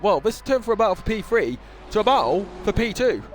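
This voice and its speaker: A man's voice: sits high, sing-song, fast, faint music behind. A young man with a northern English accent giving casual, rambling commentary on a sim racing series, with self-deprecating asides. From northern England. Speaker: race commentator.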